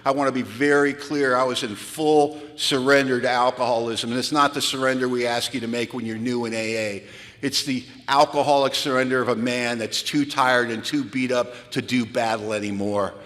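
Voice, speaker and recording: A man's voice: mid-range voice, fairly bright tone. A man giving a candid, self-mocking talk about his past to a live audience, telling it dramatically. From United States. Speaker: recovery speaker. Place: large hall. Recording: hall reverb from a live talk.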